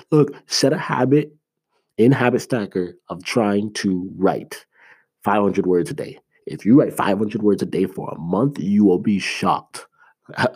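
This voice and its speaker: A man's voice: sits low, a little mellow, husky. A man from Canada, a motivational speaker and author, giving an earnest, emphatic talk. He talks conversationally, with lots of "like" and restarts, and he repeats his key phrases.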